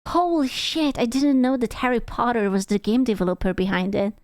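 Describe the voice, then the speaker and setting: A woman streamer reacting to a video in casual, excitable commentary, full of exclamations and swearing. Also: a little high, a little fast, no room sound, studio quality.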